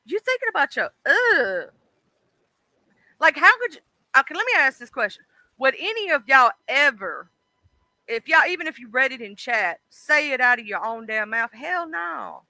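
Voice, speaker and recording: A woman hosting a casual livestream and chatting with her viewers, blunt and animated, exclaiming loudly whenever something disgusts her. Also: high-pitched, dry recording. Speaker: livestream host.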